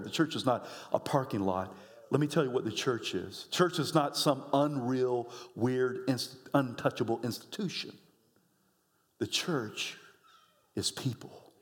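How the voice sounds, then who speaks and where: A middle-aged male pastor preaching a sermon, swinging from low, quiet lines up to high shouts. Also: big-room sound. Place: church sanctuary.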